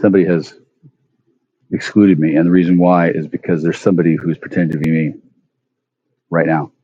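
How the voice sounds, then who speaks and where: A man rambling profanely into his phone at home, stammering through restarts and breaking into sudden loud outbursts. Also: deep voice, little pitch movement, brisk, husky, dry recording, dull audio. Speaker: vlogger. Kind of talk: rambling monologue rant.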